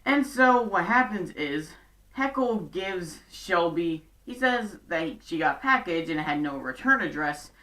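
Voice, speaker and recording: A woman's voice: on the low side, lively intonation, a little slow, sharp tone, recorded from a distance. A woman giving a casual episode recap with chatty, sarcastic asides. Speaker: show recap vlogger.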